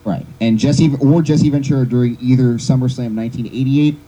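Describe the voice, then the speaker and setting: A man's voice: mid-range voice, fairly quick, dark tone, low-quality recording. A man hosting a casual podcast, dryly reading out questions for his guest. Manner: dry, reading out listener questions. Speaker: podcast host asking questions.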